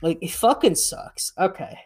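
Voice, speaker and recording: A woman co-hosting a casual gaming podcast, animated and swearing freely as she rants. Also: fairly low pitch, a little slow, slightly rough. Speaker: podcast co-host.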